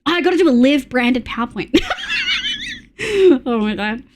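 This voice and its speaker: A woman with an Australian accent chatting casually with her live-stream audience, reading chat messages and making quick asides. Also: on the high side, expressive, noisy background.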